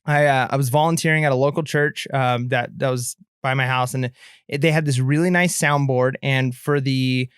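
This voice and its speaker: A man's voice: medium pitch, fairly even intonation, normal speed, clear, resonant tone, no room sound, studio quality. A man in his thirties co-hosting a podcast, chatting casually and telling a long story with many fillers and restarts. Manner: rambling, lots of filler and restarts. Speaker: podcast co-host.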